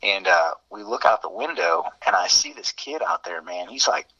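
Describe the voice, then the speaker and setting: A man's voice: low-pitched, animated, moderate pace, bright, forceful tone. A man telling fraternity-days stories in a rambling, laid-back way, heard over a muffled remote line. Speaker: interview guest. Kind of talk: casual storytelling.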